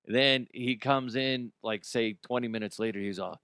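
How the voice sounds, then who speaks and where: A man hosting a comedy show, telling a story in a profane, animated way, laughing and jumping his voice high for effect. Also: moderate pace, hardly any pauses, clean tone, no echo, studio quality. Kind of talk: comic storytelling monologue. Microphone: studio microphone.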